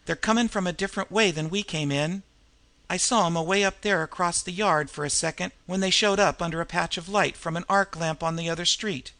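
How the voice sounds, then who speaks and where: An excitable street-smart lookout rushes out his warning in slangy speech, clipping his g's, as a male narrator puts him on. The voice is bright and raised a little in pitch. Audiobook character voice. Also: no room sound. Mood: excited.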